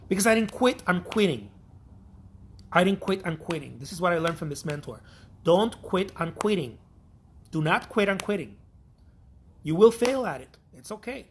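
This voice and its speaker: A man's voice: high voice, very animated, normal speed, long pauses, a little hiss or hum. A man from Mexico, an artist giving a blunt, profane, repetitive pep talk in a casual vlog.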